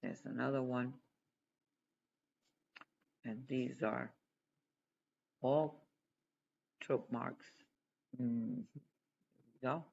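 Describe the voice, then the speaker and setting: A teacher giving a slow, deliberate spoken lesson, pausing often between phrases. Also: mid-range voice, fairly even intonation, creaky, darkish tone, muffled recording, slight background noise.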